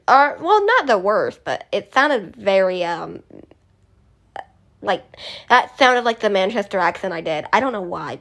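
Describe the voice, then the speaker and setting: A woman's voice: medium pitch, a bit bright. A young woman vlogger chatting casually, rambling and correcting herself with small giggles. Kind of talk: casual chat.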